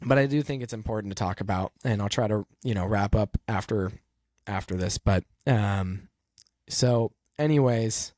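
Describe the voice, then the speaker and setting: Soft-spoken man telling a heartfelt story. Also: fairly low pitch, no room sound, studio quality. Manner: halting, soft-spoken, many pauses and fillers; emotional, earnest. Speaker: podcast host and race car driver. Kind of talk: reflective personal storytelling.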